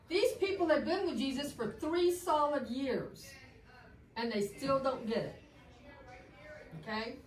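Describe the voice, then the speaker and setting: Slow, deliberate woman storyteller. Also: sits high. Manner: slow, deliberate telling with explanatory asides. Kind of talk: Bible storytelling. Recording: roomy, distant mic, faint background hum.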